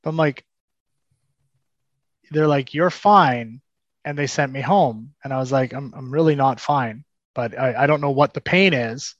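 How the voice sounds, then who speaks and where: A man's voice: mid-range voice, measured pace, pauses often, no echo, muffled recording. A young adult man, a podcast guest, telling a personal story and acting out the dialogue, with frequent restarts. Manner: animated, acts out quoted dialogue, frequent restarts.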